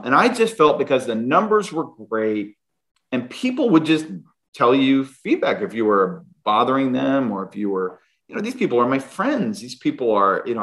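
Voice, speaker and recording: A man's voice: medium pitch, fairly bright tone. A middle-aged man, a guest, animatedly telling a personal story and often restarting his sentences. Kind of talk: storytelling in an interview.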